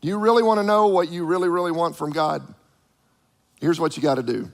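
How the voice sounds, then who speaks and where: Male preacher, high voice, lively delivery with acted-out voices, long hall reverb. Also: brisk. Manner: animated, acts out the voices of people he quotes. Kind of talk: sermon.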